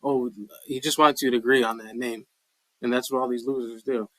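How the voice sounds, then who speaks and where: A man's voice: mid-range voice, fairly even intonation, fairly quick, dry recording, rough recording. A man calls in with blunt, profane comments. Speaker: caller. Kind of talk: call-in radio comment.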